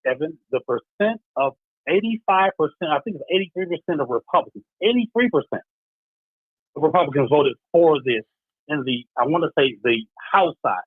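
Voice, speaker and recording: A man's voice: a little high, lively intonation, brisk, breathy edge, no room sound. A man on a radio stream, pressing his point and trying to cut in. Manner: insistent, keeps trying to cut in. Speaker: guest. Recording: tinny phone-like line.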